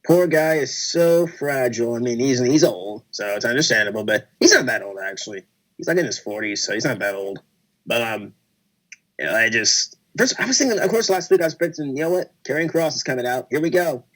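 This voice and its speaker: A man co-hosting a casual wrestling podcast, talking excitedly and acting out his own reactions as he recaps a show. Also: medium pitch, a little fast. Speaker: podcast co-host.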